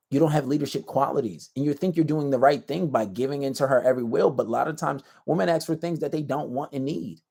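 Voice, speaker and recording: Confident male advice host, blunt and slangy, mid-pitched, lecturing tone. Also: vocal fry, warm tone, breathy edge. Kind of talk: casual advice monologue to camera.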